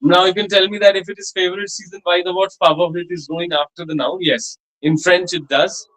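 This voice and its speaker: A man's voice: high-pitched, flat delivery, a bit bright, poor audio. A man teaching a French class, explaining grammar and patiently repeating words for students to copy. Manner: slow, patient pronunciation drills with repetition. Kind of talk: language class instruction.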